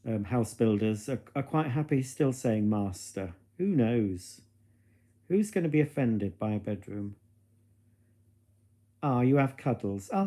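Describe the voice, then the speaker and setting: A man's voice: medium pitch, mellow. A man hosting a casual live stream at home, chatting to viewers in a camp, cheeky, gossipy way full of innuendo. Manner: chatty and gossipy, musing aloud. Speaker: livestream host reading viewer comments. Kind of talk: casual chat to a live audience.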